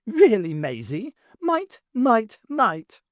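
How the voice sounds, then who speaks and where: A woman's voice: medium pitch, big pitch swings, moderate pace, dry recording, clean studio sound, voice pushed up, lightly acted. A woman voicing a plump, earthy female cook who is blunt and sarcastic. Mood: teasing.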